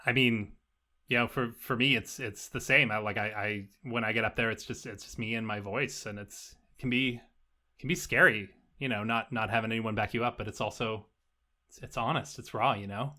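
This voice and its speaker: A man putting on a cool, aloof young woman who plays music. She speaks softly and slowly, with a low, unbothered drawl. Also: steady tone. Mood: laid-back.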